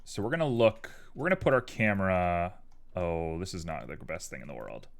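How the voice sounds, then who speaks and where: A man with a low-pitched voice that swings widely up and down as he talks. He chats casually and goofily with his viewers while working on his art, joking around as he goes. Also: animated, fairly quick, vocal fry. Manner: playful and goofy, chatting with viewers. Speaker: live streamer doing 3D art.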